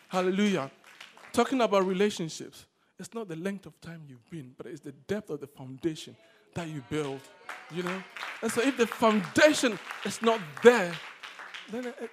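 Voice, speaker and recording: A man preaching a sermon to a congregation, swinging between loud exhortation and quiet asides. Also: high-pitched, a little hiss or hum. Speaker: pastor. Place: church service.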